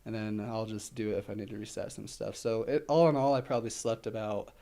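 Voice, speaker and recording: A man's voice: fairly low pitch, steady tone, quick pace, vocal fry, mellow. Rambling, breathless man in a casual chat. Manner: rambling, filler-heavy, laughs easily. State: slightly out of breath. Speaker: ultramarathon runner guest.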